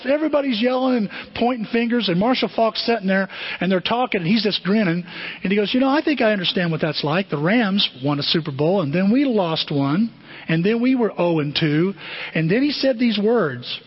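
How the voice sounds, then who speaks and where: A high-voiced pastor preaching with a husky edge, acting out the voices in his stories. His sermon is caught on a dull, muffled recording with a long hall reverb behind him. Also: a little fast. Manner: animated storytelling, acting out quotes.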